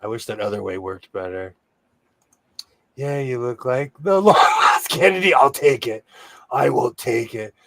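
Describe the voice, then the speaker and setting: A man's voice: mid-range voice, lively intonation, a little slow, fairly bright tone, no echo. A man hosting a casual sewing livestream, playful and exclamatory, laughing often as he tries on and shows off clothes.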